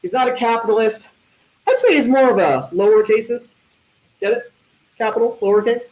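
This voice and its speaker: Man, stand-up comic, deadpan puns, halting fillers, roomy echo. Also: very high-pitched. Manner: deadpan punning delivery with hesitant fillers. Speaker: talent show comedian. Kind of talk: stand-up one-liners. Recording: echoey room.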